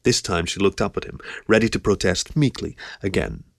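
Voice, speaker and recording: Low-voiced man reading a story. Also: normal speed, creaky, no room sound. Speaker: audiobook reader. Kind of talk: audiobook reading of an adult story.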